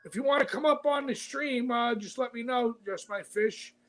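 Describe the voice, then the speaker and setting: A man's voice: extremely high pitch, normal speed, fairly bright tone, low-quality recording. A man hosting a livestream, from Brooklyn, chatting easily and greeting viewers by name. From Brooklyn, New York. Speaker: livestream host. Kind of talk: casual chat, greeting viewers.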